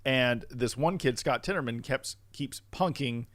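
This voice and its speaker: A man's voice: mid-range voice, unhurried, a bit bright, dry recording. Chill guy on a podcast, mid voice, dry close sound, easygoing chat. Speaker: podcast co-host.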